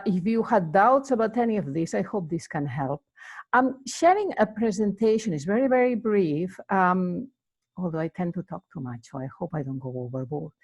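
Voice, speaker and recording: A woman giving a casual, rambling lesson, full of fillers as she explains greetings. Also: fairly low pitch. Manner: chatty and rambling, many fillers. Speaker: Spanish teacher.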